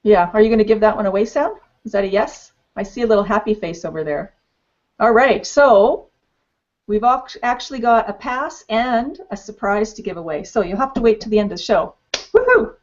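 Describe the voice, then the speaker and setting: A woman's voice: mid-range voice, brisk. A woman hosting a live online panel, playful and bubbly, talking with many fillers over a video call. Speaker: host. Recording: dull lo-fi web stream audio.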